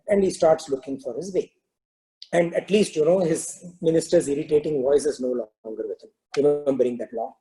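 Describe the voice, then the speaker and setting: Guy telling a story in a spiritual talk, super dark mellow voice, laid back, lots of "you know". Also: on the high side, fairly quick, low-quality recording. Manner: relaxed storytelling, frequent "you know" fillers. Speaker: spiritual discourse teacher.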